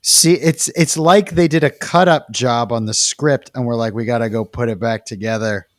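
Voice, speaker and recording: A man co-hosting a podcast in casual chat, animated and prone to loud exclamations. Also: mid-range voice, moderate pace, no room sound, studio quality. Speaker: podcast co-host.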